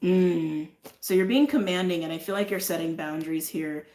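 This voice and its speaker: A woman giving an intuitive tarot and astrology reading in a casual, effusive way, repeating phrases and trailing off into soft asides. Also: fairly low pitch, steady tone, normal speed, roomy sound.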